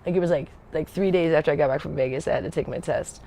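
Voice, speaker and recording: A woman with a low, warm voice and vocal fry races through a casual story, with a little hiss or hum in the audio. An Air Force veteran telling stories on a livestream, she rambles and digresses, loses her thread and laughs often.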